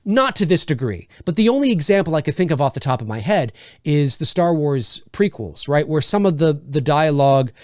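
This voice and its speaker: Thinking aloud, a man gives a casual film review and keeps breaking off to restart his sentences. His somewhat high male voice roams a broad, lively pitch range, and he talks a little fast with hardly any pauses. The audio is close and dry, with no sense of a room.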